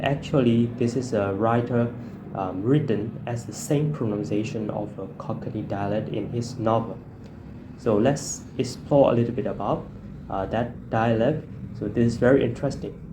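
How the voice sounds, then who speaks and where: A man's voice: medium pitch, darkish tone. Hesitant man giving a class presentation. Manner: hesitant, many fillers, reads examples slowly. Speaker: student presenter. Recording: noisy background.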